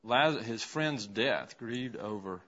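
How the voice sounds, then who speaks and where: Male Bible teacher, interactive classroom lesson, mid-range voice, muffled low-fidelity sound. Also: animated, slow pace, pushed and bright. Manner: asks the class questions while writing a list on a board. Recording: dull, lo-fi classroom recording.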